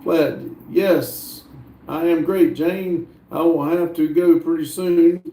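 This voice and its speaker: A man hosting a livestream, slowly reading viewer messages aloud with lots of hesitant fillers. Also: a little high, fairly even intonation, gravelly, dark tone, reverberant. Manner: slow, halting reading with many fillers. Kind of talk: casual livestream chat.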